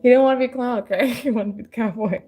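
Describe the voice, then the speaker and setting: A woman's voice: on the high side, very fast, warm tone, breathy edge. A woman chatting casually while sculpting, rambling and laughing often, joking at her own expense. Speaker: crafter and mother.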